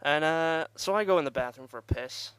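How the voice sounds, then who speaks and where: A man's voice: a little high, fairly quick, fairly bright tone, smooth, dry recording. A young man telling a rambling, profane party story in casual vlog style and laughing at himself. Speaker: vlogger.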